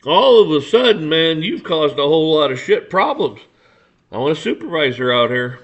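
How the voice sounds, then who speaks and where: A man's voice: a little high, big pitch swings, normal speed, muffled recording. A man hosting a casual ranting monologue, blunt and profane, stammering through restarts and acting out his run-ins with officials. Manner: acts out dialogue with officials. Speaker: podcast host.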